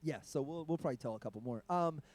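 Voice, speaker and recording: A slightly high-voiced man hosts a loose livestream chat. He tells club stories with plenty of swearing, and he laughs between lines. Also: quick pace, darkish tone. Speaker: livestream host and comedy club owner. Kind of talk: casual chat and storytelling.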